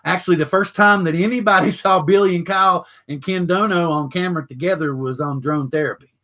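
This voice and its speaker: A man's voice: sits high, brisk, sharp tone. An older man hosting a casual live show, talking in a rambling way with many fillers and restarts. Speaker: show host.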